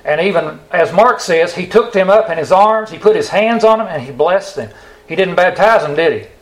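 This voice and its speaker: A man's voice: sits high, animated, rough recording. A man preaching a sermon, stretching out the key words of the scripture he quotes and putting rhetorical questions to his listeners. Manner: emphatic, drawn-out stress on scripture quotes; asks the audience rhetorical questions.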